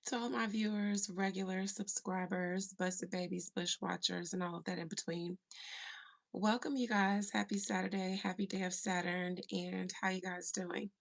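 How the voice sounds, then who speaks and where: A woman hosting a casual spiritual livestream, greeting viewers by name and sometimes dropping into a soft whisper. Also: on the low side, steady tone, creaky. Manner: slow, drawling, breaks into soft whispers. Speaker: livestream host and spiritual medium.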